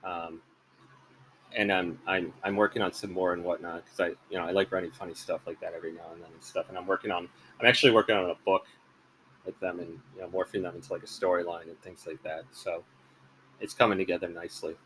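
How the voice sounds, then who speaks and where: A man's voice: low voice, flat delivery, fast talker, a bit bright, a little hiss or hum, low-quality recording. A man hosting a podcast, talking in a rambling, hesitant casual monologue. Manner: rambling, hesitant, many fillers and restarts. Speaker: podcast host.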